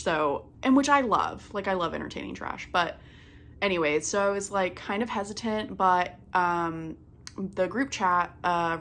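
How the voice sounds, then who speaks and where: A woman's voice: on the low side, fairly bright tone, a little hiss or hum. A young woman hosting a cross-stitch vlog, chatting casually and filling her sentences with "like" and "um". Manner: chatty, lots of "like" and "um" fillers. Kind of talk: casual chat.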